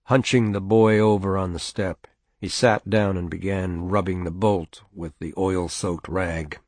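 Deep-voiced man narrating a story. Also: fairly even intonation, unhurried, a little mellow, no room sound. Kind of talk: scripted narration of a short story.

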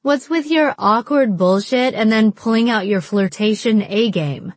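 A woman's voice: a little high, unhurried, no room sound. A woman putting on a brash, teasing young woman. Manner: pushy, dramatic, provocative.

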